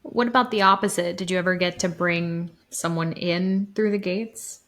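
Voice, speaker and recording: A woman with a fairly low-pitched voice hosts an interview podcast. She asks her guest gentle, probing questions in a conversational way. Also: fairly even intonation, moderate pace.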